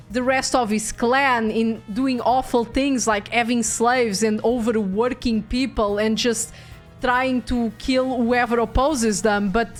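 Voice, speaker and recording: A young woman streaming a game, chatting casually in an excitable, rambling way and swearing freely. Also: high-pitched. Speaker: VTuber streamer. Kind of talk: casual gameplay chat.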